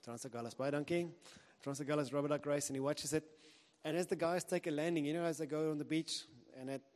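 A man's voice: a little high, steady tone, quick pace, a little mellow. Guy preaching, earnest and chatty, big echoey hall sound. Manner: earnest, conversational preaching with restarts. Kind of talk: sermon.

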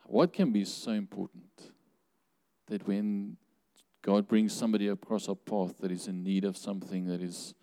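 A long reverb trails this man's sermon in a church hall. With a fairly low, mellow voice held level at normal speed, he chats conversationally, asks his listeners questions and occasionally laughs.

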